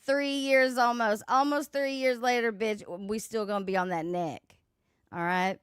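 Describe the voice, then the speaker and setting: A woman's voice: on the high side, fairly even intonation, normal speed, clear, resonant tone, no room sound, studio quality. A woman hosting a casual commentary livestream, mocking and swearing. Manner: sassy, mocking, swears a lot, laughs at clips. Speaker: livestream host.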